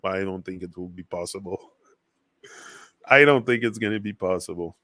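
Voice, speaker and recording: A man's voice: sits low, moderate pace, bright, forceful tone, dry recording. A man whose first language is French, speaking English with a French accent, talking loosely and rambling on a casual motivational livestream full of fillers and restarts. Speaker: livestream host.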